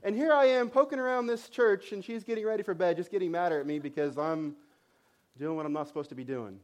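This thirty-something man is a fast talker with a notably high voice, preaching a sermon as a pastor would to his flock. He recounts his story with animation and self-mockery, repeatedly starting phrases over.

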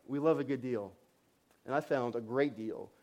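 A man in his thirties, a pastor preaching, telling a self-mocking story with animated delivery and frequent restarts. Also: medium pitch, moderate pace. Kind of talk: sermon storytelling.

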